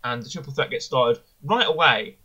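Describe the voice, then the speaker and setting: A man's voice: medium pitch, animated, normal speed, bright, forceful tone, breathy edge, dull audio. A man co-hosting a casual review podcast, rambling enthusiastically and correcting himself as he goes. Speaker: podcast co-host. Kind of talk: casual wrestling review chat.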